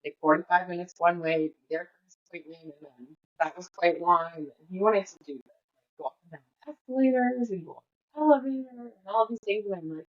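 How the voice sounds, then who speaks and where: A woman in her thirties hosts a casual diary podcast. She rambles through her day in a chatty way, with plenty of ums and likes. Her voice sits a little low, and the recording sounds slightly muffled and lo-fi. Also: fairly quick. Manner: rambling, chatty, with frequent fillers and laughs. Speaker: podcast host. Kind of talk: casual personal diary monologue.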